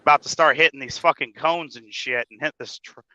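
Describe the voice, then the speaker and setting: Man, truck-driver host, profane casual chatter, bright edgy voice, dull lo-fi line. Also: fairly high pitch, brisk, no echo. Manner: profane, laughs often, stammers when telling a story. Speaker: podcast host. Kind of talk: casual chat. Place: truck cab, driving.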